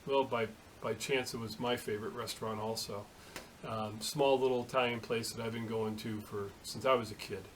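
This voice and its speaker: This casual vlog story comes from a middle-aged man who sounds like a home shop machinist, speaking at an ordinary pitch in a steady tone. He keeps stopping, restarting and saying "uh," and the poor audio has a faint hiss beneath him.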